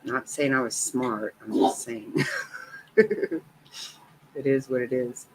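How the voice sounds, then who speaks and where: A woman's voice: very deep voice, huge pitch swings, takes it slowly, vocal fry, very noisy. A woman in her fifties telling a personal story in a rambling, casual way, swearing freely. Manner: rambling, swears freely, laughs between lines.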